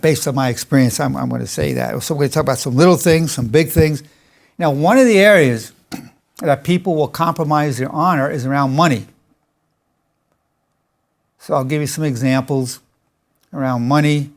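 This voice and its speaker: Older male psychologist, confident lecturer, gravelly tone, emphatic delivery. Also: on the high side. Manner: emphatic, self-assured, anecdotal. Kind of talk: motivational lecture.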